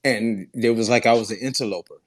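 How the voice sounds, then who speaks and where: A man's voice: mid-range voice, quick pace. A man from Charleston with a Gullah Geechee accent, calling in and talking earnestly, laughing often. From Charleston, South Carolina. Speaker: caller. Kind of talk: casual call-in chat.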